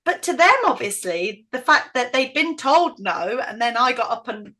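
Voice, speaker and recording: Outspoken northern English woman, middle-aged, bright higher voice, interview guest. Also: normal speed. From northern England. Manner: outspoken, animated, acts out quoted voices. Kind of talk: casual interview storytelling.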